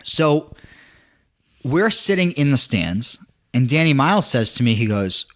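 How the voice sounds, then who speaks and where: A young man telling a story in casual podcast chat, animated, acting out quotes with many restarts. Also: mid-range voice, unhurried.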